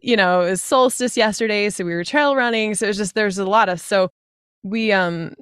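A woman in her thirties, a fantasy author talking as a podcast guest, chatty and full of quick asides. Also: medium pitch, a bit bright, clear, resonant tone, no room sound, studio quality. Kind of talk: casual podcast conversation.

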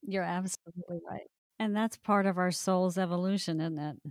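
Smooth-voiced woman podcast host. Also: fairly low pitch, fairly even intonation, moderate pace, no room sound, clean studio sound. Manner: affirming, encouraging. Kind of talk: interview questions.

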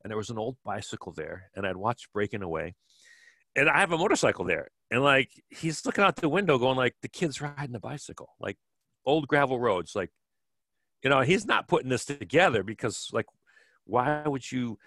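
A man's voice: mid-range voice, very animated, moderate pace, pushed and bright, no room sound. A man in his fifties from Kenosha, Wisconsin, telling stories as an interview guest in a rambling way with many restarts. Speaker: guest, former track cyclist. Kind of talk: relaxed storytelling interview.

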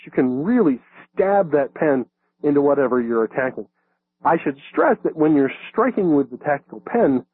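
Brief: male instructor, talky and informal, slightly husky voice, tinny dry phone-like recording. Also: medium pitch, dry recording. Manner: conversational, with fillers and restarts. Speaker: self-defense instructor. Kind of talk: casual instructional talk. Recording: dry, narrow phone-like sound.

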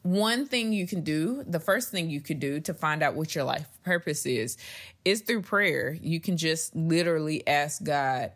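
A woman's voice: deep voice, animated, unhurried, fairly bright tone. A young adult woman hosting a faith-based podcast, speaking in an earnest, conversational way that turns emphatic as she goes. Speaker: podcast host.

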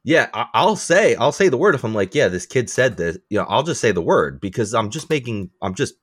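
Animated man on a podcast, lively pitch. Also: brisk. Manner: animated, laughing, swears freely, self-deprecating. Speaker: podcast co-host. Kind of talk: casual chat.

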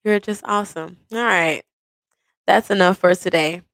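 A woman speaks into a close mic, telling a love story to her partner like a personal podcast. She is animated and playful, and she acts out the voices in her story. The sound is dry and intimate, with no room echo. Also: mid-range voice, normal speed. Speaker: podcast host.

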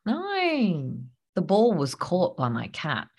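A woman's voice: mid-range voice, huge pitch swings, a little slow. A woman hosting a podcast, coaching listeners on copywriting in a punchy, emphatic, casual way. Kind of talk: casual teaching monologue.

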